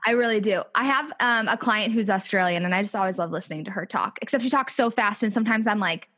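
A woman's voice: mid-range voice, quick pace, sharp tone. A woman co-hosting a podcast in casual chat, chatty and laid-back with casual swearing. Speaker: podcast co-host.

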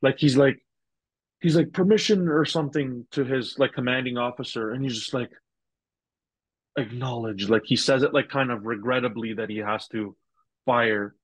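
A man's voice: medium pitch, steady tone, normal speed, no echo, low-quality recording. A man as a podcast guest on a video call, talking earnestly and thoughtfully in a casual, somewhat rambling way. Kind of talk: casual chat.

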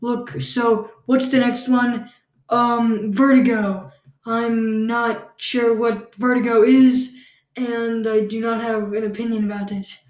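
Playful higher-voiced woman podcast host. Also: level tone, slow, darkish tone. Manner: playful, rambling with restarts. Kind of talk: casual comedic podcast chat. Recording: roomy echo.

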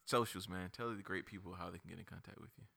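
A man's voice: deep voice, fairly even intonation, fast, creaky, sharp tone. A man hosting a casual podcast chat, blunt and teasing, swearing often. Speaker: podcast host.

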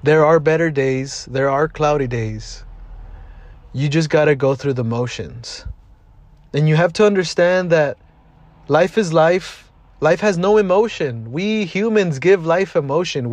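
A man's voice: fairly high pitch, a little mellow, dry recording. Blunt, profane young man. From Southeast Los Angeles. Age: 20s. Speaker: podcast host. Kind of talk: casual motivational monologue.

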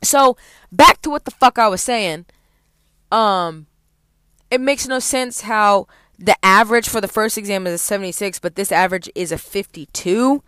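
A woman's voice: mid-range voice, moderate pace, a bit bright, clear, resonant tone, no room sound. A young adult woman, a college student, venting in a heavily profane, heated vlog rant.

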